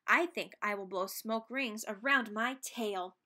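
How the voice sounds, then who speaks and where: A woman's voice: medium pitch, unhurried, sharp tone. A woman voicing a lonely young male dragon who shows off, in a storybook reading. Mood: eager.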